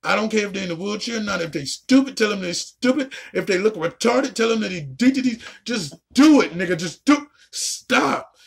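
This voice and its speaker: A woman ranting casually and profanely while reacting to a show, with a raspy, gravelly voice. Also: medium pitch, lively intonation, moderate pace. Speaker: video reactor.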